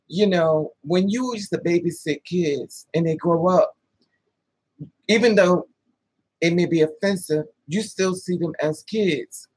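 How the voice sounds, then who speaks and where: A woman's voice: on the low side, a little mellow, slightly rough, no room sound, low-quality recording. A woman guest talking to the host, telling a frank, rambling personal story in a casual, street-smart way.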